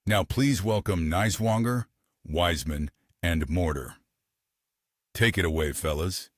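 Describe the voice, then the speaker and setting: A man's voice: deep voice, measured pace, dry recording, studio quality. A man reading a formal scripted intro announcement for a podcast. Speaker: show announcer.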